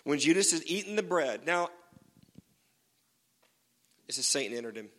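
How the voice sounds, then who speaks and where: A man's voice: on the high side, expressive, normal speed, a bit bright, big-room sound. A man preaching a sermon as pastor, casual and joking, with many fillers.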